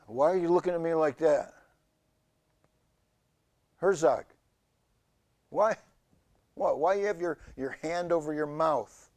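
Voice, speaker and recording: A man hosting a community TV show, telling a rambling comic monologue in a halting deadpan way with many fillers. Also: a little high. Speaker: show host. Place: community TV studio.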